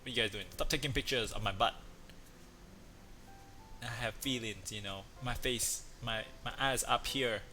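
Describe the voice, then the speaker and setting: A man's voice: medium pitch, normal speed, pauses often, sharp tone, faint music behind. A man voicing a grouchy, self-conscious corgi dog. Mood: grumpy. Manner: mock-indignant complaining.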